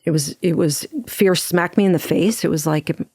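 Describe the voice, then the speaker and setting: A middle-aged woman from New Jersey speaks as a podcast guest, giving a heartfelt personal testimony in a lower-pitched voice. She talks quickly and earnestly, often restarting her sentences. The recording is dry, with no room sound. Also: fairly even intonation, dark tone, dry recording. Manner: earnest, fast storytelling with frequent restarts. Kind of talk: personal testimony in a conversational interview.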